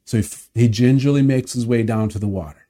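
Brisk and medium-pitched, this male pastor gives a lively sermon retelling, asking his audience to picture what happened.

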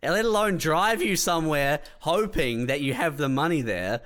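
A man's voice: a little high, animated, moderate pace, a bit bright, clear, resonant tone. A man co-hosting a podcast, teasing and swearing in casual comedic chat. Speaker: podcast co-host.

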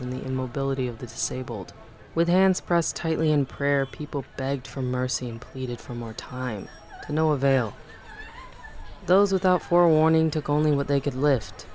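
A man narrates a first-person memoir at a middle pitch. His reading is measured and even, with no notable strain or hurry.

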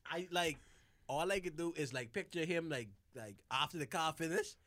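With crowd noise in the background, a young podcast co-host chats casually and ramblingly, packing his speech with fillers and swearing. His voice is fairly high-pitched and his pace moderate.

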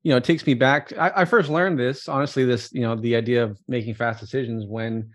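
Fast-talking entrepreneur man. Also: medium pitch. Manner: rapid, filler-heavy, relaxed. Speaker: podcast guest, entrepreneur. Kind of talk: casual interview talk.

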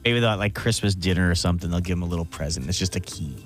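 A man's voice: low voice, rapid-fire, soft background music. A man co-hosting a morning radio show, telling a long rambling joke in casual banter and laughing at his own punchline. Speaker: radio co-host.

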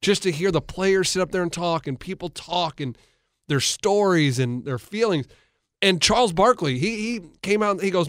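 Sports-talk co-host, male, highish voice, dry close mic, animated stop-start storyteller. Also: normal speed, no echo. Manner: animated storyteller, retells others' words with many restarts. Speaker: coach and co-host. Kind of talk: casual sports talk chat.

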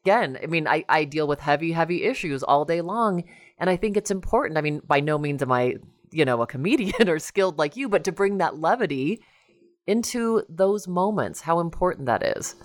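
A woman's voice: deep voice, animated, brisk. A woman podcast host speaking earnestly and reflectively with her guest. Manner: reflective, earnest, many fillers. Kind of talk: casual podcast interview.

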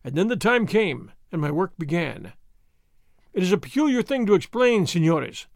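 A man's voice: high voice, big pitch swings, normal speed, gravelly, no room sound, studio quality, full character voice. A man voicing a courteous, wry masked swordsman who speaks with easy gallantry. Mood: reflective. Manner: courteous, wry, languid at times.

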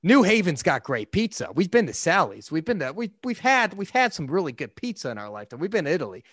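A man's voice: sits high, sing-song, fast talker, a bit bright, no echo, clean studio sound. A man, an MMA interviewer who refers to himself in the third person and talks like an upbeat promoter. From Chicago area. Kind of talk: casual chat.

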